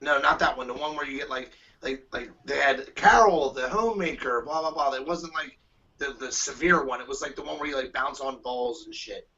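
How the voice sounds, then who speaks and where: Bright-voiced man, loose and profane. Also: medium pitch, fairly quick, dull audio. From United States. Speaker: guest. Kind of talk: casual chat.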